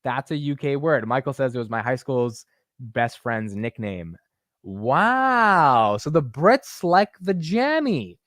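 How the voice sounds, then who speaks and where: A man hosting a casual live stock market stream, animated and chatty, reading viewer comments aloud. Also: mid-range voice, a little slow, dry recording, clean studio sound. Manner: animated and chatty, reads chat aloud, laughs easily. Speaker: stock market livestream host.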